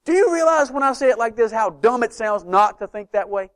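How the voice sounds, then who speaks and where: Animated high-voiced male preacher. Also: brisk. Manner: animated, rhetorical questions, swings from soft to loud. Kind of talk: sermon.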